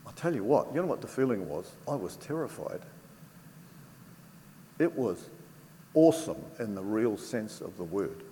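An older man giving a personal faith testimony to an audience, telling it earnestly and from the heart, with pauses and restarts. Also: lowish voice, big pitch swings, warm tone. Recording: reverberant hall with faint background noise.

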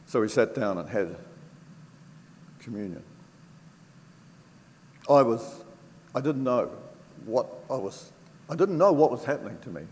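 A man's voice: mid-range voice, sing-song, a little mellow. Older man telling a heartfelt testimony in a reverberant hall. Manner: earnest, heartfelt storytelling with pauses and restarts. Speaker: speaker giving testimony. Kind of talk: personal faith testimony to an audience. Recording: reverberant hall with faint background noise.

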